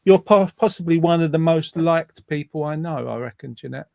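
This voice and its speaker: A man's voice: a little high, moderate pace, creaky, warm tone, dry recording. Teasing man hosting, dry sound. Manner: jokey, teasing. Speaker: host. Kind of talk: casual chat, reading listener comments.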